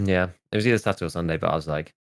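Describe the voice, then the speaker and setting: A man's voice: sits low, rapid-fire. A man in his thirties, a podcast host chatting casually and rambling, with lots of "like" and restarts. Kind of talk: casual chat.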